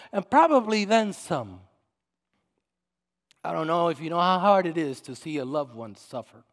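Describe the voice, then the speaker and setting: A middle-aged male pastor with a very high voice preaches a sermon in a church. He swings from loud, shouted passages to hushed storytelling, and a long reverb of the hall trails every word.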